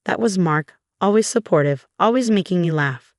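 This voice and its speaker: Young female storyteller, lower register, calm chatty delivery, dry booth sound. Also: moderate pace, few pauses, no echo. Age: young adult. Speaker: narrator. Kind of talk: scripted first-person story narration.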